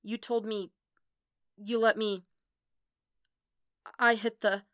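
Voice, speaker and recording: A woman voicing a defensive young male android who answers in curt, flat denials and snaps into anger. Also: medium pitch, unhurried, dry recording, clean studio sound. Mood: confused.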